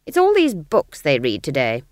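A woman reading the part of a stern, proud old female witch, speaking flatly with clipped, cutting lines. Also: low-pitched, normal speed, no echo, clean studio sound.

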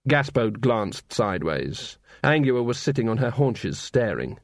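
A man narrating a novel as an audiobook in a measured, expressive way. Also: medium pitch, dry recording. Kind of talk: scripted narration. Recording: dry close studio sound.

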